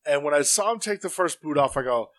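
A man's voice: a little high, expressive, fast talker, a bit bright. A man co-hosting a podcast in casual chat, swearing freely, laughing, and full of "like" fillers. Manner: profane, laughing, lots of fillers. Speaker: podcast co-host.

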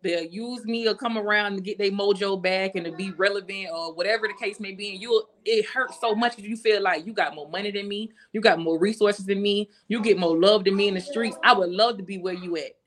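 A woman's voice: mid-range voice, a little fast, hardly any pauses, slight background noise. A woman guest talking casually and earnestly on a podcast, reflective and full of slang.

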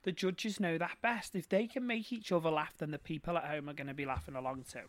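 A man's voice: fairly high pitch, fairly even intonation, fast talker, a bit bright, no echo. A man appearing as a drag performer guest on a podcast, chatting casually and often laughing while he talks.

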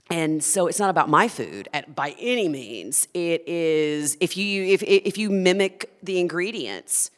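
A woman's voice: lowish voice, big-room sound. A woman who founded a food company, talking earnestly and with passion as a guest in a conversational interview.

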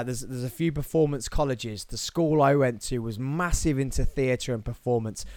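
A man from England with a Birmingham accent hosts a solo podcast, talking in an energetic, playful way with jokey asides. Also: medium pitch, no echo. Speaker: podcast host.

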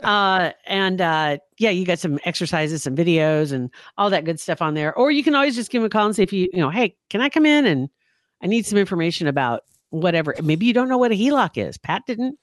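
A man co-hosts a casual podcast, telling stories with plenty of life. His pitch swings widely as he acts out scenes. The sound is dry and close, with no room in it. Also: fairly quick, dry recording. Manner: animated storyteller, acts out screams. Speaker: podcast co-host. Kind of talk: casual chat.

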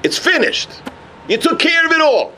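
A man giving a sermon as a rabbi, telling a story with animated energy. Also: extremely high pitch, normal speed, slight background noise. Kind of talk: sermon on the weekly portion.

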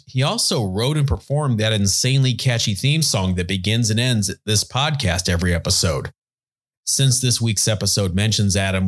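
A man with a lowish voice co-hosts a casual music podcast. He tells stories in an easy, relaxed way. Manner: relaxed, storytelling. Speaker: podcast co-host.

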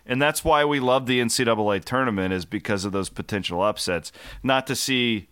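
Male co-host, casual sports chat, bright tone, dry close sound. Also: mid-range voice, brisk, clean tone, no room sound. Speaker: podcast co-host.

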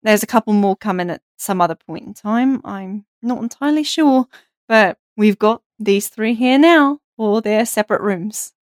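Woman doing a female fey guide, brisk, matter-of-fact, dry close sound. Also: mid-range voice, no echo, close to an everyday voice.

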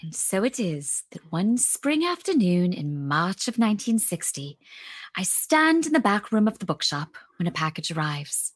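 Lady doing a wistful young british bookseller, shaky brit accent w a brooklyn edge, lively ups and downs, dry sound. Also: mid-range voice, husky, no echo. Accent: put-on British, Brooklyn-tinged. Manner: reflective first-person storytelling. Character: young adult woman bookseller, guilt-ridden, wistful. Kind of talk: podcast dramatic reading.

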